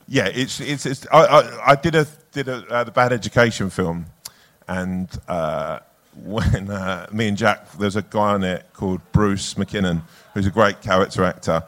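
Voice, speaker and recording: A man's voice: lowish voice, steady tone, normal speed, a bit bright. A man who works as an actor, a guest in casual chat, telling stories with frequent swearing and laughter. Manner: swearing, laughing anecdote teller.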